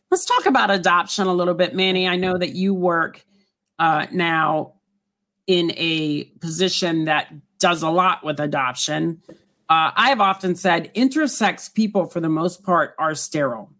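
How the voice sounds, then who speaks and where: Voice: medium pitch, a bit bright. Reflective Southern US host. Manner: reflective, leading questions. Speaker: talk show host. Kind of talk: conversational interview hosting.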